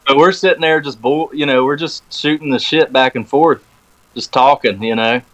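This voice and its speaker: A man's voice: medium pitch, moderate pace, poor audio. A man chatting casually on a podcast, telling a long story and acting out the phone calls he quotes. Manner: animated storyteller, acts out quoted phone talk. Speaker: podcast guest. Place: podcast recording room.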